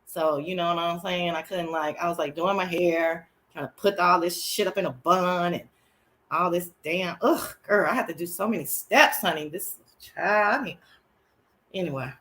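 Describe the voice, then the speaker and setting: A woman hosts her own live chat show, talking casually in a sassy, slangy and excitable way, with bursts of shrieking laughter. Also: fairly low pitch, moderate pace.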